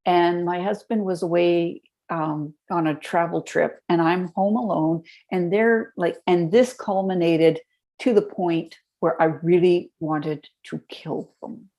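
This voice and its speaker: Lively woman telling stories. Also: lowish voice, slow. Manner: lively storyteller, explains step by step. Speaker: podcast guest, health educator. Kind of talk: conversational interview.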